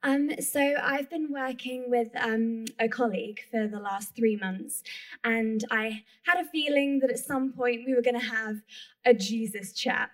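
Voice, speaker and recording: A young woman giving an excited testimony at a church gathering, telling her story animatedly and acting out the dialogue. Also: on the high side, unhurried, far from the mic.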